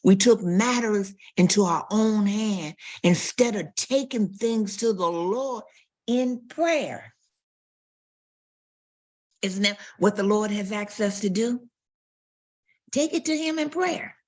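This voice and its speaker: A woman's voice: mid-range voice, slow, pauses often, a little mellow. A woman pastor preaching a sermon, telling stories and acting out quotes and barking sounds.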